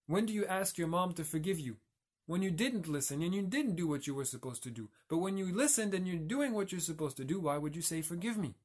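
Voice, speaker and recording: A man giving a reflective religious talk as a teacher, explaining and carefully pronouncing Arabic terms. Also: high-pitched.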